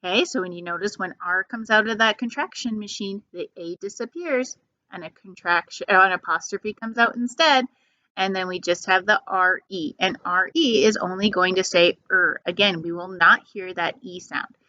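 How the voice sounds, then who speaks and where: A woman teacher leading a phonics lesson for young children, drawing each sound out slowly and patiently. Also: medium pitch, sharp tone, dry recording. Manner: slow, patient, drawn-out sounds. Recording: dull lo-fi sound.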